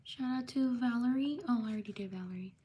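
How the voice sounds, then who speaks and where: A woman hosting a live stream, reading out viewers' names one by one and quickly apologizing for mispronunciations. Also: a little high, mellow, slight background noise. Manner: slow, drawn-out name reading with quick apologies. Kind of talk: live stream shout-outs.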